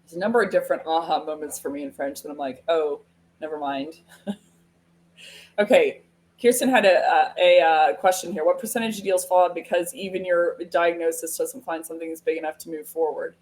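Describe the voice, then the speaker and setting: An American woman hosts a live sales webinar in a fairly low voice, speaking briskly. She keeps it casual, telling animated stories and laughing often.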